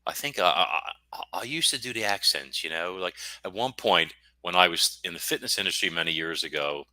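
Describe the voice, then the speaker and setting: A middle-aged American man with a very deep voice and a sharp, forceful tone. He rambles and cracks self-deprecating jokes as a podcast guest. The sound is dry and close. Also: lively intonation, fairly quick, no echo. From United States. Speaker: guest author. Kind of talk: casual podcast interview.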